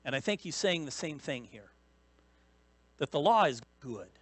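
Male pastor, sermon delivery, repeats key lines for weight, slightly high-pitched, dry mic. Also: moderate pace, no echo. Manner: animated preaching with rising bursts of emphasis; repeats key phrases for emphasis. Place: church sanctuary.

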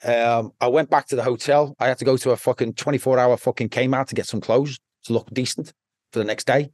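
A man's voice: mid-range voice, fairly even intonation, a little fast, darkish tone, no room sound, studio quality. A man with a Liverpool accent, a podcast guest telling his story bluntly, rambling and swearing constantly. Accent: Liverpool (Scouse). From Liverpool, England. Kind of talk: casual storytelling.

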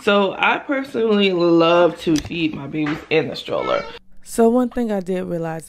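A woman's voice: lowish voice, very animated, normal speed. A young woman vlogging casually as a mom, chatting and explaining hands-on as she demonstrates a stroller at home. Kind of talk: casual demo vlog.

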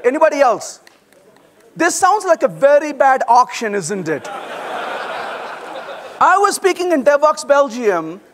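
High, lively man giving a conference talk. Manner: animated, acts out quoted voices, quick asides to the audience. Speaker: conference speaker. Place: large conference hall.

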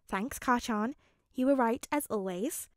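A woman voicing a gentle, patient young man who coaxes softly, in a fanfic audiobook reading. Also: fairly high pitch, unhurried, no room sound, studio quality, natural voice. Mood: coaxing. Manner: soft, coaxing, patient.

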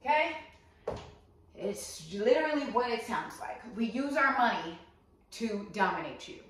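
A woman's voice: fairly high pitch, expressive, a little slow, slight background noise. Blunt, profane woman in an echoey room. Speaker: host giving life advice. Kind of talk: casual advice talk to camera. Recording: very echoey room, voice far from mic.

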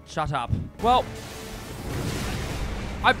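A man's voice: fairly high pitch, very slow, music in the background. A man commentating his own gameplay live, swearing and talking back to the game. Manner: profane, excitable, swears at the game. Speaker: streamer.

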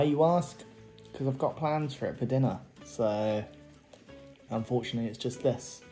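A man's voice: mid-range voice, a little mellow. A man chatting casually and cheerfully through a cooking vlog, poking fun at himself. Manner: chatty, upbeat, self-deprecating. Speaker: vlogger.

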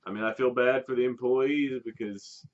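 A man telling a long story in casual chat, rambling along with restarts and breaking into laughter. His voice sits at an ordinary middle pitch. The recording is dull and lo-fi. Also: fairly even intonation, normal speed. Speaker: podcast co-host telling a story. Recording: dull lo-fi sound.

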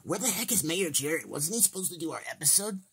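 A man's voice: fairly high pitch, expressive, fast talker, creaky, background noise. A man voicing a curious cartoon toy character in a fan toy play, full of questions.

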